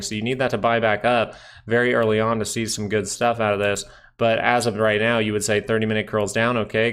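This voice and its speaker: Man, low gravelly voice, casual live market commentary, thinking aloud over charts. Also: a bit bright. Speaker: stock market streamer.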